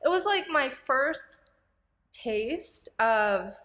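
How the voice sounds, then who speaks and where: A woman's voice: high-pitched, animated, extremely slow, a bit bright, big-room sound. A young woman guest on a podcast, telling her story in a candid, emotional way with lots of fillers and restarts. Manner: rambling, filler-heavy storytelling with many restarts; emotional and candid, close to tears. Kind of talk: casual podcast chat.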